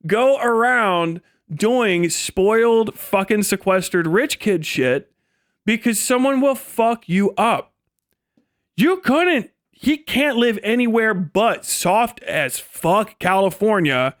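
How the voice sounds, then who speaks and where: A man rants on a livestream in a high, heated voice, cursing freely. He is recorded close and dry, with no room sound. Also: a bit bright, dry recording. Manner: profane, heated, swings into mocking impressions. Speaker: livestream host. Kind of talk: ranting livestream commentary.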